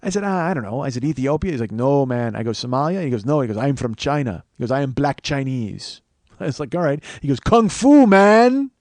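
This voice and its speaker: A man's voice: medium pitch, fast, no echo. A man hosting a podcast, telling a long profane story and acting out the people in it. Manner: animated, swearing, acts out quoted people. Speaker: comedian and podcast host.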